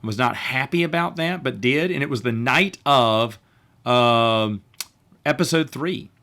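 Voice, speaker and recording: A man with a sharp-toned mid-range voice speaks at a measured pace as he tells a long, rambling personal story late at night on his podcast. He keeps restarting sentences and mentions that he's tired.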